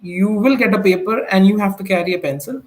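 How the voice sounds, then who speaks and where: A man from India recounting his speaking exam in a casual interview, halting with many fillers and restarts. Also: high voice, darkish tone. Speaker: guest sharing exam experience.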